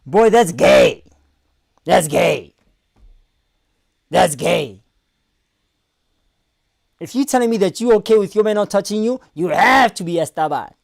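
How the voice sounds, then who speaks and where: A man streaming his live reactions, loud and full of crude banter. He slips into put-on voices and keeps up a running commentary. His voice sounds dry and close, with no room around it. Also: high-pitched, expressive, unhurried, gravelly, pauses often, dry recording.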